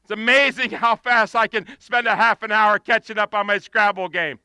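High, bright impassioned preacher man. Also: steady tone, moderate pace, smooth, no room sound. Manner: impassioned, rising to pleading shouts. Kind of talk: sermon. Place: outdoors.

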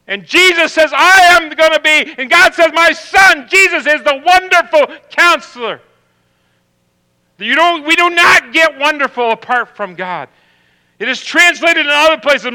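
A man preaching a sermon as pastor, swinging from loud emphatic calls to hushed low passages. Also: in a large hall, rough recording.

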